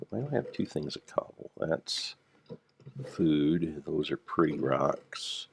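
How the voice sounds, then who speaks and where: An older man with a gravelly voice, rambling through casual gameplay commentary with dry dad jokes. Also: extremely low pitch, slow pace. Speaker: Minecraft let's player.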